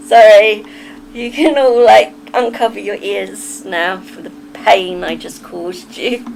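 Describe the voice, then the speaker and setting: A woman's voice: medium pitch, vocal fry, darkish tone, slight background noise, poor audio. An English woman streaming live, chatting casually with her viewers, giggly and self-deprecating, often laughing. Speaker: livestreamer reading chat. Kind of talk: casual livestream chat.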